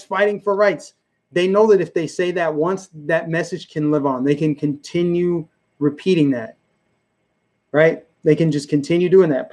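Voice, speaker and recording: A man's voice: fairly high pitch, a little mellow. A man hosting a political commentary livestream, talking emphatically and repeating his points while chatting with his viewers. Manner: emphatic and repetitive, chatting with the live chat. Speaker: livestream host.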